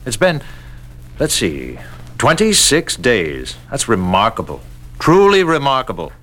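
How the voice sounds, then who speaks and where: An actor playing a polite, probing man in charge of a prison, who speaks in a measured, courteous way. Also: medium pitch, huge pitch swings, fairly bright tone. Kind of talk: radio drama acting.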